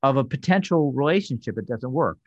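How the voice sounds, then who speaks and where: A man talks through a sitcom episode on a casual podcast, his pitch rising and falling with animation. He hesitates and restarts as he recaps scenes. The sound is dry and a little dull, like a modest home setup. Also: animated, a little fast, no echo. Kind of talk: casual review chat.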